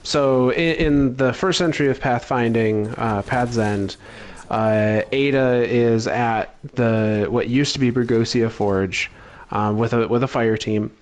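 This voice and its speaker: A man co-hosting a casual podcast, calmly summarizing game lore with frequent fillers. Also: mid-range voice, a little slow. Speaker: podcast co-host.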